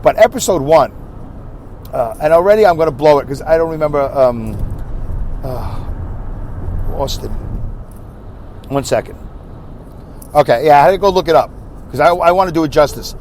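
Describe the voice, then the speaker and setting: A chatty New York-accented man from Brooklyn hosts his own podcast, wandering into asides and second-guessing himself as he talks. His voice sits a little high for a man. Faint traffic and street noise hum underneath. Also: lively intonation, moderate pace, pauses often, a little mellow. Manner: rambling, chatty, self-correcting with asides. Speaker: podcast host. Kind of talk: casual solo podcast chat.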